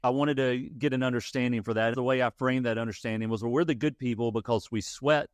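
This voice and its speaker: A man's voice: medium pitch, steady tone, fast talker, no room sound, studio quality. A man in his forties from Louisiana with a country accent and some Texas twang, telling his story as a podcast guest in a folksy, easygoing way. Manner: folksy, laughs easily, reflective. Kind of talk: casual interview storytelling.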